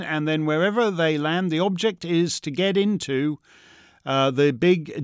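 A male host delivering an opinionated commentary, his voice a bit high for a man and very smooth and clear. He rambles through stumbling restarts and breaks into heated outbursts. The sound is close and dry. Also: no echo.

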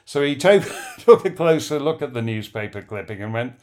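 Man, radio host, wry, conversational, chuckling asides, middle pitch. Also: lively intonation, normal speed, darkish tone. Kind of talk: spoken commentary monologue.

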